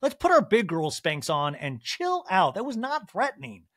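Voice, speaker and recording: A man's voice: high-pitched, wildly swooping pitch, moderate pace, fairly bright tone, dry recording, clean studio sound, voice pushed up, exaggerated voice. A man doing a snippy reality-TV wife. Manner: snippy, sarcastic. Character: snarky, agitated reality-TV wife, adult woman.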